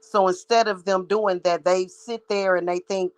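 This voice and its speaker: Her medium-pitched voice is smooth and steady at a moderate pace, though the recording is rough. Working as a psychic reader and spiritual practitioner, she delivers a heated, blunt rant full of profanity to her viewers.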